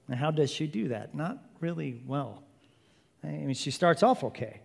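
A male preacher delivers an animated sermon, firing off rhetorical questions with a playful edge. His voice sits somewhat high. A long hall reverb trails behind his words. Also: moderate pace, creaky. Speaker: preacher and Bible teacher.

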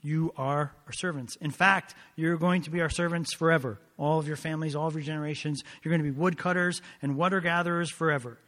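An exasperated ancient leader scolds a band of tricksters in a sarcastic, disbelieving tone, as a preacher acts him out. He sits a touch higher than a plain speaking voice. The lines ring out in a long hall echo. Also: fairly even intonation, quick pace, few pauses, a bit bright, natural voice. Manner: sarcastic, incredulous.

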